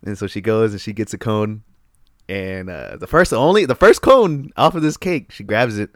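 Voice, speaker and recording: A man telling a story in casual chat, animated and profane, laughing often. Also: on the low side, normal speed, no room sound, clean studio sound.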